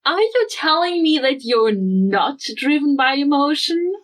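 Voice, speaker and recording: High, swooping young woman podcaster. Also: sing-song, unhurried, poor audio. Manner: exasperated, blunt, swears. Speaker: podcast co-host. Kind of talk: casual chat.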